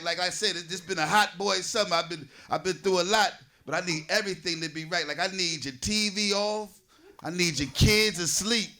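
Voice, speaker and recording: A man's voice: sits high, brisk, bright, forceful tone. A man in his forties from New Jersey doing a loose, conversational stand-up set, riffing with the audience on a comedy stage. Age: 40s.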